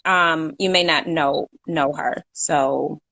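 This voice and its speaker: A woman's voice: low-pitched, fairly even intonation, takes it slowly, vocal fry, a bit bright, no echo, lo-fi sound. A young woman co-hosting a casual live chat, talkative and laughing, reading out viewer comments. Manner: chatty, laughs often, reads out viewer comments. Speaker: co-host.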